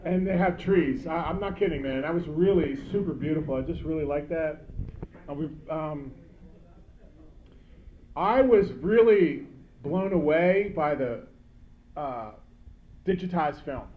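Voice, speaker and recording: A man's voice: on the high side, lively intonation, unhurried, pauses often, highs cut off. A man in his fifties giving a rambling, joking banquet speech, calling out to people in the crowd. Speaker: banquet speaker.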